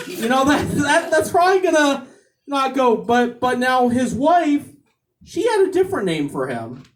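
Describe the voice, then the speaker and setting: A male stand-up comedian working a club stage. He talks slowly, stumbling through repeated fillers and restarts between punchlines. The sound is live club audio with the mic at some distance. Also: extremely high pitch, big pitch swings. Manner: halting, with many repeated fillers.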